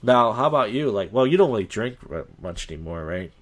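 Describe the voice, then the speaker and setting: A young man with a somewhat low voice, talking casually on a podcast. He rambles, restarts his sentences and acts out little bits of dialogue as he goes. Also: sing-song, fairly quick. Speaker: podcast guest. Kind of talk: casual chat.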